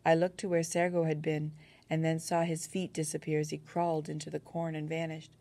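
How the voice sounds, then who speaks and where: A woman reading a first-person war novel aloud as an audiobook narrator, in a steady, earnest storytelling manner. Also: low-pitched, fairly quick.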